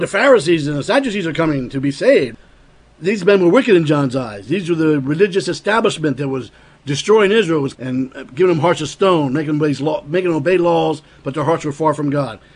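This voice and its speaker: A man's voice: a little high, husky. A man preaching a sermon, explaining scripture earnestly and acting out quoted lines with a raised voice.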